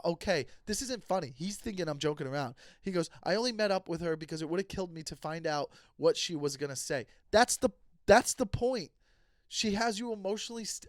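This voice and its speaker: A man's voice: sits high, no room sound, studio quality. A comedian hosting his podcast, telling a story in a heated, profane rant and acting out both sides of the conversations. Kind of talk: casual storytelling monologue.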